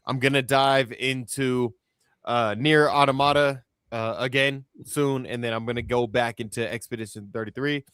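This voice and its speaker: A man hosting a relaxed gaming podcast over a call, talking at an everyday middle pitch. He is chatty and quick to laugh, with a slight cough in his voice. The sound is close and dry, with no room around it. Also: clear, resonant tone, no echo. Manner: chatty, laughs often, hypes the audience. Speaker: podcast host. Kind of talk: casual gaming podcast chat.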